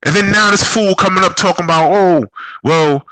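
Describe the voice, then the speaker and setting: A man's voice: sits high, moderate pace, sharp tone, no echo, low-quality recording. A man giving an angry, profane, heated vlog rant. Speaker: boxing vlogger.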